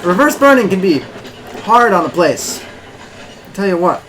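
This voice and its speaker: A player voicing a cheery, chatty villager in a tabletop game, talking in a bright, friendly, sing-song way. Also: mid-range voice, very animated, normal speed, a little hiss or hum, low-quality recording.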